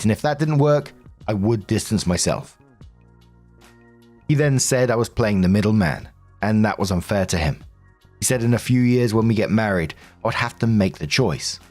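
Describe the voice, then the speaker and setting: A man narrating online relationship stories in an even reading voice. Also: lowish voice. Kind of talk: scripted narration. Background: faint background music.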